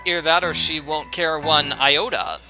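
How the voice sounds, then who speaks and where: A man's voice: on the high side, moderate pace, over music. A man giving casual walkthrough commentary on a game, rambling and often stumbling over and repeating words. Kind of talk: casual let's-play commentary.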